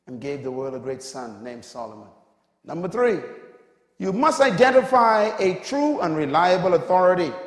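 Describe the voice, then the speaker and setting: A man in his fifties preaching a sermon, forceful, with sudden loud emphatic bursts. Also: medium pitch. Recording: echoey hall with long reverb.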